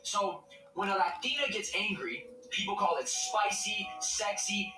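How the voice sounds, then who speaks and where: A man's voice: high-pitched, a little slow, reverberant, recorded from a distance, over music, poor audio. A man giving an impassioned monologue, insistent and building with repeated phrases. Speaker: commentator in a clipped video.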